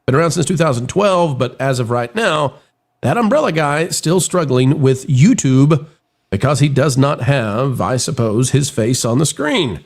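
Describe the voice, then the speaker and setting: Animated man hosting a live news stream. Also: medium pitch, normal speed, vocal fry. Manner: animated, theatrical delivery. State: getting over a cold. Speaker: show host.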